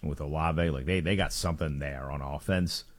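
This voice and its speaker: A man's voice: extremely low pitch, moderate pace. A man co-hosting a sports talk radio show, casual and laid-back.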